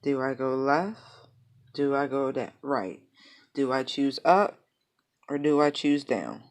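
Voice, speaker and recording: A woman's voice: rumbling low, slow pace. A woman giving a casual tarot reading, rambling with many asides and fillers. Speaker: tarot reader.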